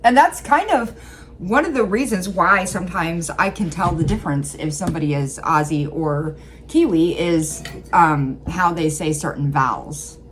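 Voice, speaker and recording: An American woman hosting a reaction video, talking casually and wandering through her thoughts with plenty of fillers. Her voice sits fairly low for a woman, and a faint hiss runs underneath. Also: moderate pace. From Illinois, USA. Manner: rambling, full of fillers. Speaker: reaction channel host. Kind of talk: casual chat.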